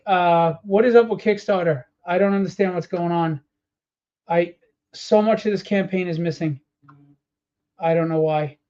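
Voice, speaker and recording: A man's voice: sits high, normal speed, pauses often, mellow, muffled recording. A tired man presenting his comic book campaign live, rambling with many fillers and openly annoyed at what has gone wrong. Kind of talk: casual live-stream walkthrough.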